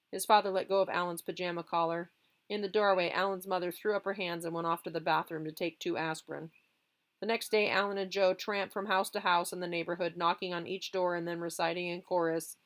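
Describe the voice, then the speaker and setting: A woman, a teacher, reading a children's novel aloud in a lively, expressive way. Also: on the low side, brisk.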